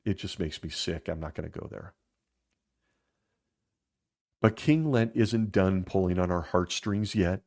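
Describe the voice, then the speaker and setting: A man hosting a critical commentary show, speaking in a blunt, sarcastic and openly emotional way, with sudden jumps in pitch when he gets worked up. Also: a little slow, long pauses, darkish tone. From former Jehovah's Witness upbringing.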